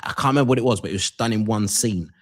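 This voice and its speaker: A man co-hosting a live online show, talking in a relaxed, reflective way and sometimes losing his thread. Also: on the low side, rapid-fire. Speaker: co-host. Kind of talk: live stream chat show.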